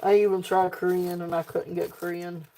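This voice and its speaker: A woman's voice: lowish voice, completely flat delivery, moderate pace, creaky, dark tone, slight background noise. A woman with a Southern accent hosting a live jewelry sale, chatting casually and rambling off on tangents, laughing often. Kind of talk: casual live-stream selling chat.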